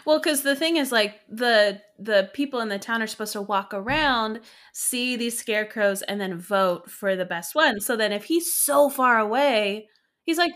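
A young adult woman co-hosting a podcast, recapping a sitcom in casual chat full of "like" and quick laughs. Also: on the high side, a bit bright. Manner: chatty, lots of "like", quick laughs. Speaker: podcast co-host.

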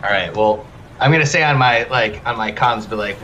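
A man's voice: mid-range voice, moderate pace, bright, forceful tone, a little hiss or hum, low-quality recording. A man playing in a tabletop game, talking casually and hesitantly as he thinks aloud and describes his moves. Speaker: player.

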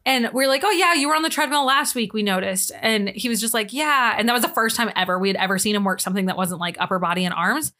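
A woman's voice: medium pitch, fast, hardly any pauses, bright, forceful tone. A young woman co-hosting a podcast, telling a story in casual chat, full of "like" and laughter. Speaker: podcast co-host.

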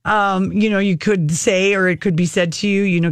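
A woman's voice: mid-range voice, fairly even intonation, normal speed, clear, resonant tone, dry recording. Jokey woman radio host, dry sound. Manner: jokey, reads lines with mock flirtiness; chatty with frequent fillers. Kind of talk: playful casual banter.

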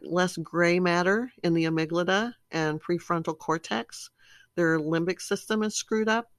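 Low-voiced woman, animated, dry close sound. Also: no echo. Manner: animated storytelling, acting out her own reactions. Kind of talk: casual talk about personality disorders.

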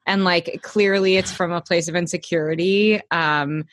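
A woman's voice: on the low side, steady tone, moderate pace, no room sound, clean studio sound. A woman co-hosting a casual podcast, recapping a TV episode in a gushing, swearing way and acting out the characters' lines. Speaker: podcast co-host.

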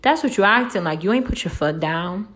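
A woman speaking at a middle pitch, delivering a blunt, profane advice monologue. She punctuates almost every sentence with a rhetorical "right?" and jumps sharply upward when she presses a point. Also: a little fast. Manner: lively, swoops up high when making a point. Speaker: relationship advice vlogger. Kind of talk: casual monologue.

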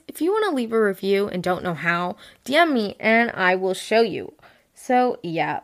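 A woman's voice: mid-range voice, fairly bright tone. Chatty teenage girl hosting a podcast. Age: late teens. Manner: chatty, rambling, heavy use of "like"; frank and self-mocking. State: tired. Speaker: podcast host. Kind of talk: casual solo podcast chat.

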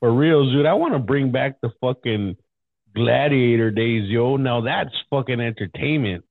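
A man's voice: mid-range voice, moderate pace, dry recording. A man co-hosting a crude, casual comedy podcast chat, laid-back and slangy. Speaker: podcast co-host. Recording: tinny phone-like line.

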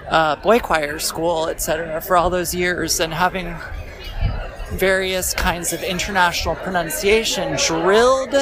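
A man strolls down a city sidewalk and talks into his phone in an unhurried, meandering monologue. He keeps circling back with fillers and self-deprecating asides. Clear street noise runs under his voice. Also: sits high. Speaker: podcast host walking and talking. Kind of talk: rambling walk-and-talk monologue. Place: outdoors on a busy city street, walking. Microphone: phone held while walking.

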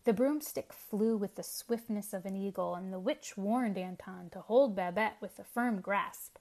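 Woman storyteller; measured, lively storybook narration. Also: mid-range voice. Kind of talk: storybook reading.

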